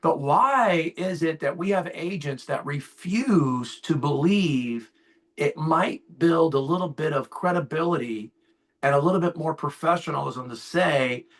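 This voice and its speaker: A man's voice: a little high, unhurried. A man in his fifties, an insurance sales agent, talking on a call. He gets fired up and acts out both sides of his client calls. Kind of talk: casual call talk. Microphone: call audio.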